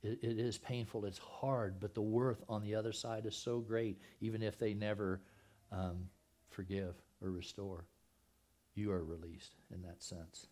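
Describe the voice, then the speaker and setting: A man's voice: fairly low pitch, fairly even intonation, measured pace, darkish tone. A man preaching a sermon in a conversational way, with joking asides to the congregation. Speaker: pastor.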